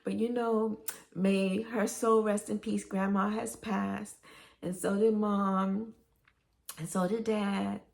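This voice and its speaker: A woman's voice: mid-range voice, flat delivery, slow pace, gravelly, darkish tone. A middle-aged woman, telling rambling, nostalgic stories in a casual vlog. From Brooklyn, New York. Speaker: vlogger.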